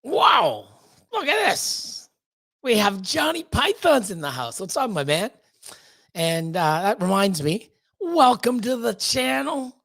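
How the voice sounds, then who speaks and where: A man's voice: high voice, sing-song, measured pace, gravelly, fairly bright tone, dry recording. A man hosting a live stream, greeting chat viewers one by one in a rambling, loose way with lots of fillers. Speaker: livestream host.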